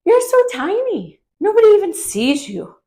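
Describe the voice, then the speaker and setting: A woman's voice: very high voice, very animated, normal speed, warm tone, pitched above the performer's own voice. A woman voicing a big, strong male forest animal who mocks a little bee in a children's yoga story. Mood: mocking. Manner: taunting, mocking.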